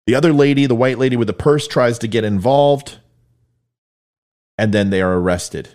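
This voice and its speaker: A man's voice: mid-range voice, moderate pace, a little mellow. A man giving blunt, emphatic video commentary, explaining events step by step. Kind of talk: video commentary on police footage.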